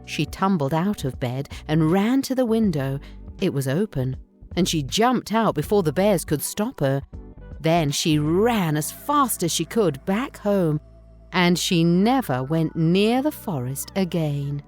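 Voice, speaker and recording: A woman narrating a bedtime story in a slow, gentle, expressive reading. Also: lowish voice, soft background music.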